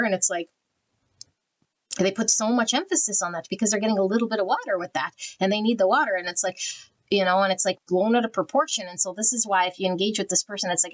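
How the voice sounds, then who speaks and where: A woman's voice: medium pitch, rough recording. A woman giving an intuitive tarot card reading in a loose, rambling way, full of fillers and self-corrections. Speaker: tarot reader.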